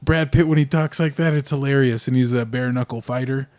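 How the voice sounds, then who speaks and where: A man's voice: medium pitch, fairly even intonation, fairly quick, a little mellow. A young man from the United States co-hosts a casual podcast. He rambles through politics and movies, with plenty of "like" and "uh" and thoughts that start over partway through. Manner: rambling, frequent fillers and restarts. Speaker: podcast co-host.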